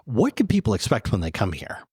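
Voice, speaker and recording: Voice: mid-range voice, huge pitch swings, a little fast, warm tone, husky, no echo, studio quality. An interviewer asking questions and reacting to a guest in a playful way.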